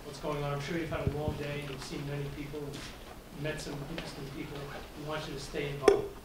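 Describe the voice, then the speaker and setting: Chatty guy hosting a pitch event, kinda high voice, echoey room with background noise. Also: level tone, brisk. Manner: chatty, jovial storyteller. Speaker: moderator. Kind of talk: wrapping up a live pitch competition, telling a joke. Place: conference room.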